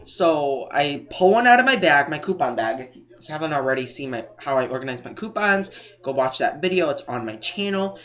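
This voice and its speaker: Casual vlogger man with a bright, forward tone, chatty and digressive, often restarting his sentences. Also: on the high side, sing-song, a little fast. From New England. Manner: rambling, self-interrupting, mimics other people. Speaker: couponing vlogger. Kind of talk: casual storytime.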